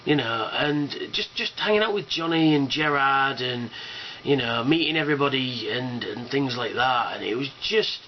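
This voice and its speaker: A man's voice: medium pitch, animated, normal speed, lo-fi sound, slight background noise. A man rambling casually about a fan convention, enthusiastic and swearing, with lots of fillers. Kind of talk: casual rambling video response.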